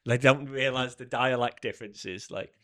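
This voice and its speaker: A man's voice: medium pitch, fairly even intonation, moderate pace, fairly bright tone. A man with a Manchester accent co-hosting a podcast, chatting casually in a rambling, self-mocking way. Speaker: podcast co-host. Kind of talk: casual chat.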